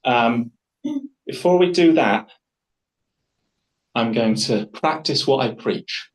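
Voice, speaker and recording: A man of middle pitch leads a public speaking workshop, talking to a group in a room. He is chatty and enthusiastic and often rambles, restarting his sentences as he goes. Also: expressive, slow pace, long pauses, poor audio. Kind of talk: live workshop talk to a group.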